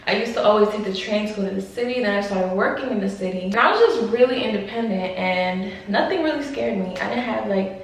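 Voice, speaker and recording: A woman's voice: medium pitch, animated, fairly quick, distant mic. A woman in her twenties from Long Island, New York, candidly talking to her camera at home in a casual confessional vlog, swearing casually as she chats. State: pregnant. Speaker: vlogger. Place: room at home in front of a mirror. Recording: very echoey room, voice off-mic.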